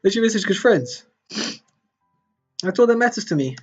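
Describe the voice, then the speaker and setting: A man voicing a cheerful but fragile young girl from a game, speaking high and wavering as if near tears. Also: expressive, normal speed, darkish tone, breathy edge, lo-fi sound, soft background music. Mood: sweet, wistful.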